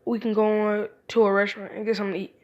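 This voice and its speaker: A woman's voice: medium pitch, level tone, racing, dull audio, close to an everyday voice. Woman voicing an easygoing older ninja mentor. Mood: apologetic. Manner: plain storytelling voice for quoted lines.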